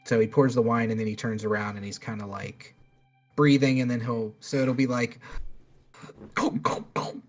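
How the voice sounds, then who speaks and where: A man's voice: mid-range voice, fairly even intonation, fairly quick, faint music behind. A man running a tabletop game as dungeon master, casual and laughing as he narrates, with some swearing.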